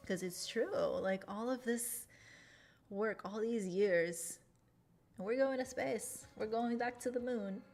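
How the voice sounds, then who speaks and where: A young adult woman streamer chatting casually, emotional and quick to laugh. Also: fairly high pitch, darkish tone. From Latin America. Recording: faint music behind.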